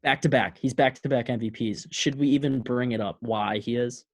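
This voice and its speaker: Young male co-host, mid-pitched, earnest, halting, lots of fillers. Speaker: podcast co-host. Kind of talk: casual sports podcast chat.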